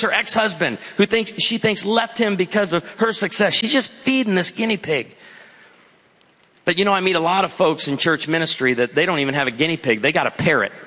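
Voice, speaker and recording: A man preaching a sermon, telling stories and slowing down for emphatic points. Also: sits high, pushed and bright. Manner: storytelling preacher, shifting between quick asides and slow emphatic lines. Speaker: pastor. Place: large hall before an audience. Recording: long hall reverb.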